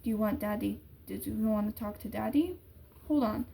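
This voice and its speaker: A man's voice: high-pitched, moderate pace, vocal fry, mellow, slight background noise. A woman reading the lines of a worried father pleading for answers, in a plain reading voice. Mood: urgent. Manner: urgent, pleading.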